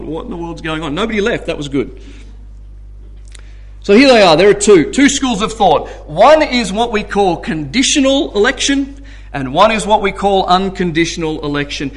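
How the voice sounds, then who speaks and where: A man teaching a sermon in a conversational way, often checking in with the audience. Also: high-pitched. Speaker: preacher teaching a Bible study.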